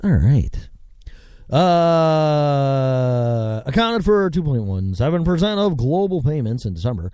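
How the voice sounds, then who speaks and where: A man's voice: a little high, sing-song, brisk, warm tone, no echo, clean studio sound. A man hosting a talk show, reading out financial figures and adding wry asides. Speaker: show host. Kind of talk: reading and commenting on news.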